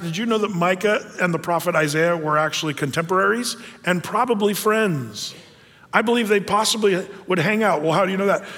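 A man preaching a sermon in a chatty, animated way, full of fillers and asides. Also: high-pitched, in a large hall. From United States. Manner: conversational, animated with frequent fillers. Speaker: pastor.

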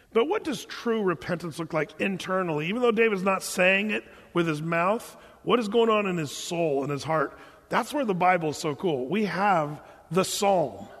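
A pastor preaching a sermon, animated and joking, acting out quotes as he teaches. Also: fairly high pitch. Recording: long hall reverb.

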